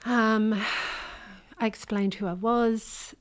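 A middle-aged Australian woman, an author, telling a painful personal story in an interview, earnest and hesitant, with frequent pauses and restarts. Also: on the high side, steady tone, clean tone. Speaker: interview guest, memoir author.

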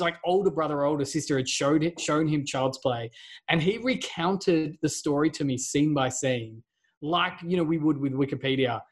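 A co-host chatting casually on a podcast, rambling and laughing along. The voice sits mid-range in pitch and moves about in a lively way. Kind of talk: casual chat.

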